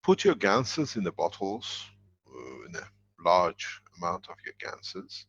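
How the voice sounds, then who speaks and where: A man's voice: low-pitched, very animated, slow, a bit bright, husky, lo-fi sound. A man answering questions in a live online teaching session, explaining at length with emphatic, rambling sentences.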